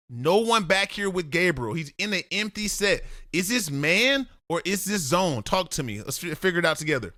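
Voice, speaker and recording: A man's voice: high voice, bright, forceful tone, no room sound, studio quality. A man breaking down game film as a football analyst, blunt and lecturing, talking straight at the player he critiques.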